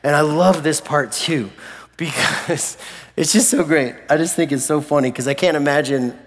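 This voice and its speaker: A man with a slightly high voice preaches a lively, jokey sermon, slipping into little character voices as he tells the story. His words ring out in a church hall with a long trailing reverb. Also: moderate pace. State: recovering from flu. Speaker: pastor.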